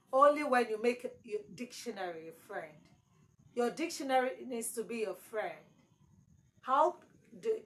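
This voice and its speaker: A woman's voice: fairly high pitch, a bit bright, poor audio. A woman teaching an exam-prep English lesson, repeating key words for emphasis.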